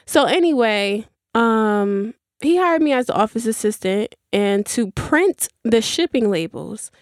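Speaking a little slowly with lively intonation, this podcast host has a fairly high-pitched voice. She's a young woman chatting casually and telling a meandering story packed with fillers and side comments. The recording is clean studio audio without room sound.

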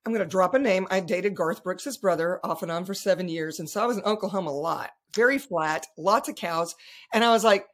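A woman's voice: fairly low pitch, a little fast. A woman with a Southern US accent hosting a podcast, chatty and playful with frequent giggles. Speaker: podcast host. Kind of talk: casual interview chat.

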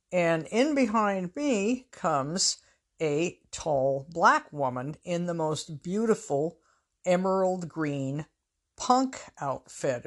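A woman from the US Pacific Northwest, with a lowish voice, hosts her own storytelling show. She tells casual anecdotes in a wry, conversational tone, poking fun at herself.

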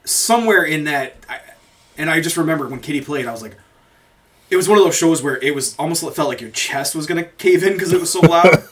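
A man's voice: a little high, lively intonation, brisk, a bit bright. Rambling, swearing man chatting casually. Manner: rambling, swearing, laughing often. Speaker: podcast host. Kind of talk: casual chat.

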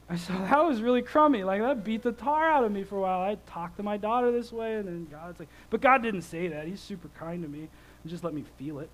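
A man in his thirties preaches a sermon in a conversational, animated style, telling stories with lively swings in volume. His voice is high and fairly quick, and the audio quality is poor.

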